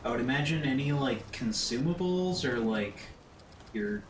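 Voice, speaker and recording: A man's voice: medium pitch, animated, a little hiss or hum. Hesitant Texan man on a distant, echoey mic. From Texas. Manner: hesitant, measured. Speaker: stream co-host. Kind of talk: casual gaming stream chat.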